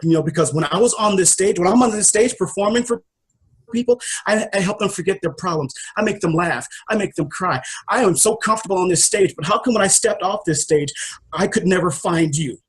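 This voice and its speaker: A man, a life coach and interview guest, telling a personal story in an animated, emotional way and acting out his own dialogue. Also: high voice, fairly quick.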